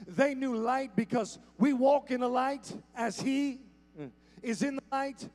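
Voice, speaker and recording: A man preaching a sermon to a church congregation, repeating phrases for emphasis, with soft instrumental music underneath. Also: extremely high pitch, steady tone, unhurried. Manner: emphatic call-and-repeat preaching, stammered repetitions. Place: church sanctuary.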